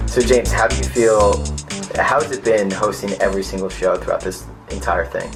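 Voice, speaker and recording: A woman's voice: extremely low pitch, moderate pace, over music. A woman interviewing people and giving short, encouraging replies.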